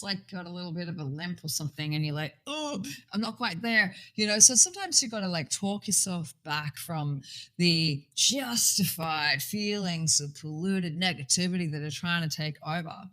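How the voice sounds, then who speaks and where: A woman talks in a loose, playful way, tossing in sing-song catchphrases as she goes. Her voice sits a touch low for a woman. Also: expressive, normal speed, a bit bright. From Swaziland. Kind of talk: casual chat.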